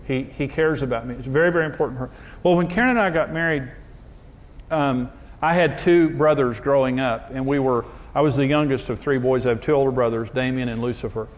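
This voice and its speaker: A man's voice: mid-range voice, brisk. A man preaching in a humorous, self-deprecating storytelling way, using jokes and anecdotes. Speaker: pastor.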